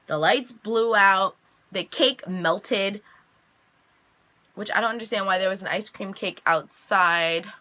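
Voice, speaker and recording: A young woman casually recapping a TV episode, chatty and animated, jumping high in pitch when she quotes the characters. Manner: chatty, animated quoting with big pitch jumps. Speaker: reaction vlogger recapping an episode.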